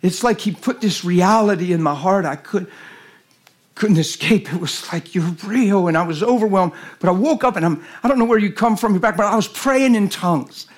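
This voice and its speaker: A man, preaching as a guest speaker in a folksy storytelling way that rises to shouted emphasis. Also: high voice, brisk. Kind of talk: sermon.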